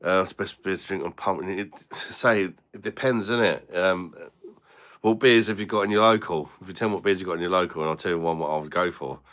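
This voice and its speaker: Guy on a live stream, deep but punchy voice, chatty and sweary. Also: brisk, fairly bright tone. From Britain. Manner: blunt and sweary, banters with chat, chuckles often. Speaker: beer reviewer hosting a live stream. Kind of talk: casual live-stream chat.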